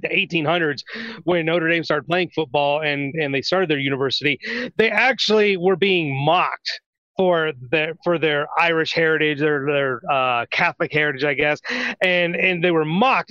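Podcast co-host, male, slightly high and bright, blunt and profane. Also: dry recording, dull audio. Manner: blunt, profane, laughing often. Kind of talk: casual sports betting chat.

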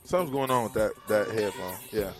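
A man's voice: fairly low pitch, brisk, music in the background. A man hosting live on-location radio, bantering playfully and teasing the people around him. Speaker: radio host.

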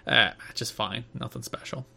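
A man's voice: medium pitch, fairly even intonation, moderate pace, gravelly, pushed and bright. A man co-hosting a casual podcast, rambling and sarcastic, often breaking into laughter. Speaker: podcast co-host.

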